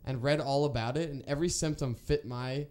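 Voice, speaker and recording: A man's voice: mid-range voice, brisk, a little mellow. A young man telling a story in casual chat, rambling and restarting often. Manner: rambling, many restarts and fillers.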